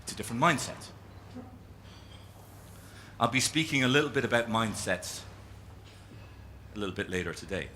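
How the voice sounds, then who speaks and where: Lively Irish man giving a keynote. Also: medium pitch, normal speed, long pauses, slight background noise. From Ireland. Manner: animated storyteller, drawing as he speaks. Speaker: keynote speaker. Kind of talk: live talk to an audience. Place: conference room with an audience.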